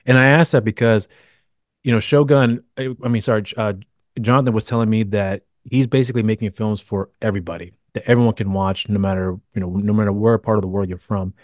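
A man hosts a casual interview podcast, piling up long, winding questions full of restarts and fillers. He talks quickly in a lowish voice. The sound is dry and close. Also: fairly even intonation, a little mellow, no echo. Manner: rambling, many restarts and fillers. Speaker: podcast host.

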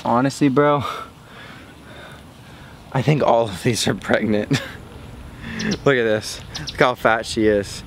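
A young man vlogging outdoors by a pond, excited and hyped, talking to his pet fish and his viewers. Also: mid-range voice, slow, pauses often, slight background noise. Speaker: fishing vlogger. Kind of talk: casual outdoor vlog talk.

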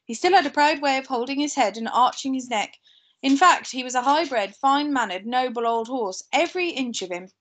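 A woman teacher reads a novel aloud to her class in a steady, unhurried way. Her voice sits a little high, and she corrects small slips as she goes. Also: a little hiss or hum. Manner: steady reading with occasional slips and asides. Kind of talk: reading a novel aloud to pupils.

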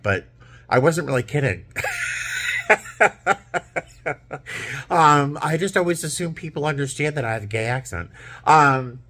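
A tired man from Boston, a flight attendant, chatting casually about his workday with lots of fillers and animated storytelling. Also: medium pitch. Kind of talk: casual vlog chat.

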